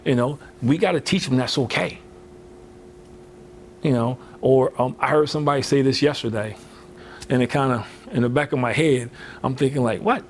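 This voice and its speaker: Give me a man at an average pitch giving an animated, chatty motivational talk, with a faint hiss behind. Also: normal speed, long pauses. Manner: conversational, fills with "you know", acts out quoted voices. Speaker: motivational speaker.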